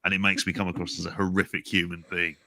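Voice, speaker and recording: A man with a very low voice that still rings sharp and bright, giving blunt opinions as a podcast co-host. He swears freely and keeps a wry edge, recorded dry and close. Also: little pitch movement, fast, dry recording. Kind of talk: casual podcast chat.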